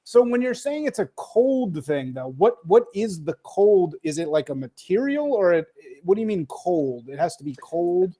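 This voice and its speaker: A man's voice: high-pitched, sing-song, moderate pace, hardly any pauses, warm tone. A man hosting a podcast interview, reacting in short bursts and asking questions. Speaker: podcast host.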